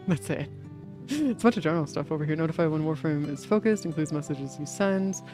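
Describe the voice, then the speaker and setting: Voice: medium pitch, lively intonation, a little fast, over music. Rambling, casual gaming streamer. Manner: rambling, filler-heavy, casual swearing. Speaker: live streamer.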